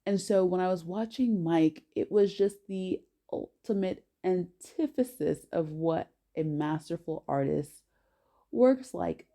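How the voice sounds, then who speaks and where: A woman telling a personal story to camera in an animated, emphatic way, often correcting herself mid-sentence. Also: on the low side, slow pace, gravelly.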